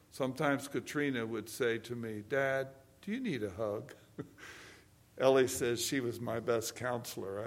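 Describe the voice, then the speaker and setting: An older man preaching a sermon, moving between hushed personal stories and loud, emphatic preaching. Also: mid-range voice. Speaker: pastor.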